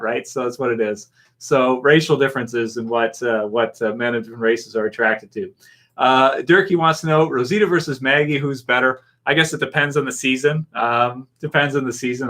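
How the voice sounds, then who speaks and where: A man's voice: medium pitch, a bit bright. A Canadian man hosting a casual live stream, rambling and chuckling as he answers viewers' comments. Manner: rambling, chuckling, talks back to chat comments.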